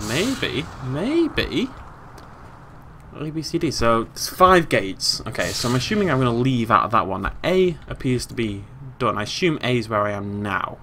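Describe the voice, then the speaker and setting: A British man hosting a let's play, joking, talking to the game and making squeaky silly noises as he plays. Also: background noise. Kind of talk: casual gameplay commentary.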